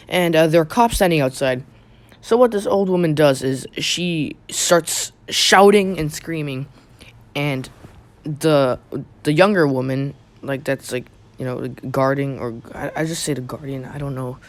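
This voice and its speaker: A young man casually telling a personal story on his channel, rambling with many fillers and restarts. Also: fairly high pitch. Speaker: YouTube storyteller.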